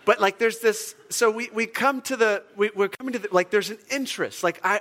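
A man preaching with a fairly high voice, in an easy, conversational manner. He talks with lots of fillers and restarts, and his voice leaps up in pitch and volume when he stresses a point. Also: brisk. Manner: animated, jumps up in pitch and volume for emphasis. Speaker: pastor. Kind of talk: sermon.

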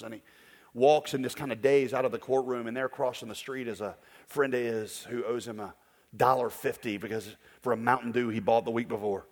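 A male pastor preaching a sermon emphatically, swinging between loud declarations and hushed storytelling. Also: mid-range voice, breathy edge, big-room sound.

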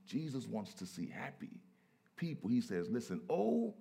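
A man preaching a sermon, who moves from low, quiet stretches to loud, emphatic peaks. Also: expressive, moderate pace, vocal fry.

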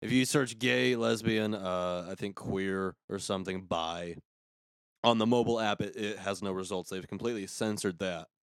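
A man's voice: lowish voice, fairly even intonation, normal speed, dry recording, studio quality. A young man hosting a casual podcast, opinionated and sarcastic, cutting in to finish his thoughts. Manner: opinionated, sarcastic, talks over co-host. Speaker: podcast host. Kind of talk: casual ranting chat.

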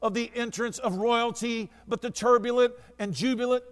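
A man with a notably high voice delivers a sermon as a pastor. He moves between storytelling and loud, emphatic declarations of faith. His words ring out with a long reverb, as if in a large church sanctuary. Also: fairly even intonation, moderate pace, clean tone.

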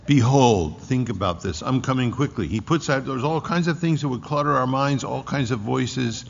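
A pastor's sermon from a man with a gravelly, creaky voice, pressing each point home by repeating it. His words ring through a large church hall with a long reverb. The recording itself sounds dull and lo-fi. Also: mid-range voice, normal speed, slight background noise. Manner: emphatic, repeating key phrases. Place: church sanctuary.

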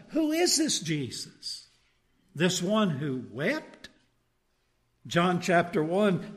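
A man delivers a sermon in a church, first reading scripture aloud and then preaching on it. He leans on rhetorical tag questions to draw in his listeners. His voice sits a little higher than most men's.

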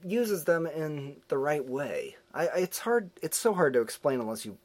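A man's voice: a little high, big pitch swings, normal speed. A man hosting a movie podcast who talks casually, ranting and joking in a strongly opinionated way. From United States. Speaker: podcast host. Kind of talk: casual movie review chat.

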